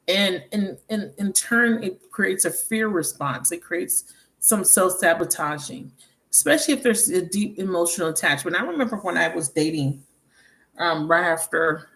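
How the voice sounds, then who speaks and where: A woman's voice: fairly low pitch, fairly bright tone. A woman tarot card reader talking in a casual, blunt and profane way, telling stories with laughs in between. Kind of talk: casual tarot reading monologue.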